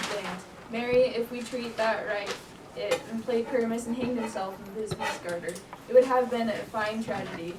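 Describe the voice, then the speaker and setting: Higher-pitched woman reciting stage verse. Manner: reciting with slips and restarts. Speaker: stage actor as Duke Theseus. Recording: echoey room, distant mic, noisy.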